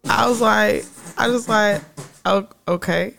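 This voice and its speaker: A young woman co-hosting a podcast, telling stories in a blunt, animated, profane way. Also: mid-range voice, moderate pace, vocal fry. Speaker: podcast co-host. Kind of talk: casual chat.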